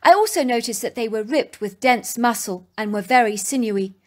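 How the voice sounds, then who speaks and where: Brief: female storyteller, emphatic dramatic narration, voice on the high side. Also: expressive, brisk.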